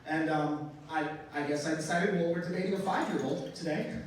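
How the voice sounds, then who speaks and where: Brash high-voiced comedian in a club. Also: male voice, brisk, a little hiss or hum. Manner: brash, profane, mock-outraged delivery. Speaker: stand-up comedian. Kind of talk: stand-up comedy set. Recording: roomy live club sound, mic heard from a distance, crowd. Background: audience laughter.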